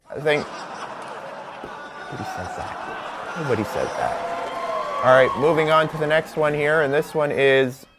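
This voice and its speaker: A man's voice: fairly high pitch, a little hiss or hum. A man hosting a comedic home-made late-night talk show, joking through product listings and laughing at his own bits. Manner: jokey, laughs at his own bits, stretches words for emphasis. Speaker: host.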